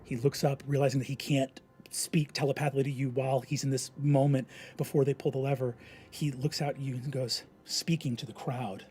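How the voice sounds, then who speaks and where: A man narrating a tabletop game as game master, dropping to whispers and swelling to loud, dramatic bursts. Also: medium pitch, flat delivery, a little fast.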